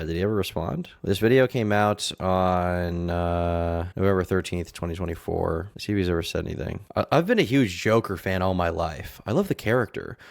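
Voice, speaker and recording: A man giving rambling, casual commentary on a live stream as he reacts to a video, with crude asides and shout-outs to viewers. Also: sits low, gravelly.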